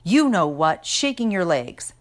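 A woman reading a storybook aloud, voicing a superior, icy teenage girl with a sharp, nasty tone. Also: on the low side, very animated, unhurried. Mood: haughty.

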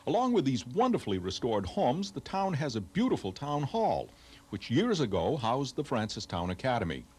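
A man's voice: medium pitch, wildly swooping pitch, moderate pace, a little mellow, slightly rough. A man with a New England accent hosting a travel show on location, talking with enthusiasm and lots of exclamations. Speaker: host. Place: outdoors on location.

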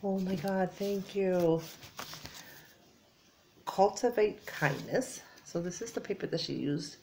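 A tired woman chatting casually in a soft, low-energy voice as she unboxes craft supplies, sometimes dropping to a whisper. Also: slow pace, creaky, a little hiss or hum. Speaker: crafting vlogger.

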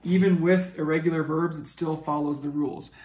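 Man, Latin teacher, higher voice, patient and methodical. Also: fairly even intonation, brisk, a little mellow, low-quality recording. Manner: patient, methodical, checks in with "okay?". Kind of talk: recorded classroom lesson.

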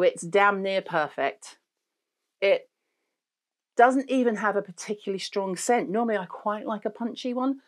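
A middle-aged woman, hosting a beauty product chat in a blunt, sweary, jokey way. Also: medium pitch. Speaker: beauty show host. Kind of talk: casual chat reviewing products.

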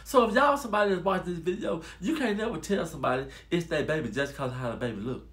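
Animated man telling a story, higher voice. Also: fast. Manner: animated, addresses listeners as y'all. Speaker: storytelling vlogger. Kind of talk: casual storytelling to viewers.

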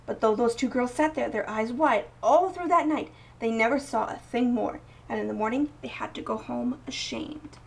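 A woman reading a picture book aloud in a slow, expressive storytelling manner. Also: a little high, gravelly, slight background noise. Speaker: storybook reader. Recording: voice a bit distant from mic.

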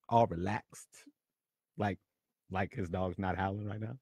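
A man hosting his own podcast, telling a story in a punchy, animated way and often repeating words. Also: a little high, a little slow, husky, dry recording, clean studio sound. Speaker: podcast host. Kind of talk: storytelling monologue.

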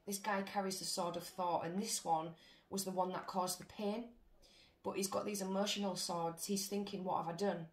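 A woman's voice: medium pitch, steady tone, moderate pace. A woman giving a casual tarot reading to her viewers, chatty and blunt, swearing freely as she goes. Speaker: tarot reader. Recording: echoey room with faint noise.

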